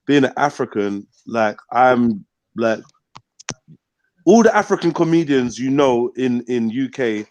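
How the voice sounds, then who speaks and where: Nigerian-born male host, casual rambling panel talk, middle pitch, dry close mic. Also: lively intonation, unhurried, darkish tone, no echo, dull audio. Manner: laid-back, rambling, frequent "innit" and "man". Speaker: host of a news discussion panel.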